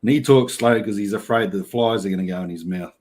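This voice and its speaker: A man's voice: on the low side, quick pace, a little mellow. A middle-aged Australian man hosting a casual livestream, reading chat and yarning in a laid-back way with blokey slang and frequent laughs.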